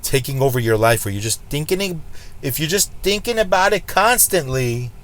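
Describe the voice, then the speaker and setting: A man's voice: on the high side, animated, moderate pace, a bit bright. A man talks casually to his viewers about gambling. He is blunt and preachy and says the same warning over and over to make it stick. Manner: blunt, preachy, emphatic repetition. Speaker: slots channel host. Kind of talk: casual vlog commentary.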